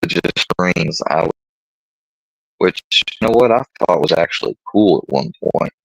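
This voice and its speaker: Deep gravelly man rambling on a livestream. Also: expressive, unhurried, no echo, low-quality recording. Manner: rambling and profane, retelling stories. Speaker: livestream host. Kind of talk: casual rambling livestream chat.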